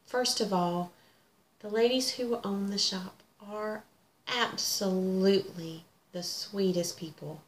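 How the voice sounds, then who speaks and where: A woman's voice: medium pitch, takes it slowly, a little hiss or hum. A middle-aged woman, chatting casually and gushing about her hobby. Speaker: cross-stitch vlogger. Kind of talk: casual chat. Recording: echoey room with faint ambience.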